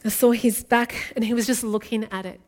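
A woman's voice: on the high side, steady tone, brisk, darkish tone. A woman, from Australia, preaching an earnest and intimate sermon as a guest speaker.

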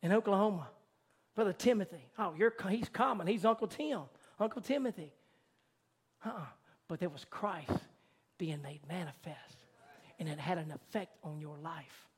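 A man with a notably high voice preaches a sermon from the pulpit. He drops to a hushed softness, then builds to a loud, climbing fervor. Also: normal speed, slightly rough. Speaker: pastor.

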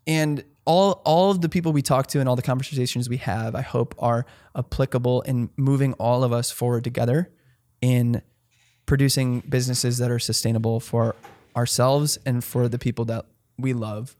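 A man's voice: medium pitch, steady tone, moderate pace, a little mellow. A man co-hosting a podcast, talking earnestly in a casual, rambling way with many restarts. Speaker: podcast co-host.

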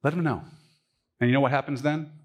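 A man who is a pastor preaching a sermon in a church, swinging from emphatic high points to quiet asides. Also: a little fast. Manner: animated, rising to emphatic peaks and dropping to quiet asides. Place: church sanctuary.

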